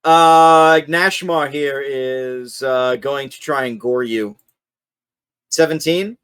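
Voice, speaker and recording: A man's voice: medium pitch, takes it slowly, fairly bright tone, clean tone, dry recording, clean studio sound. A man running a tabletop game as game master, narrating with many fillers and laughs.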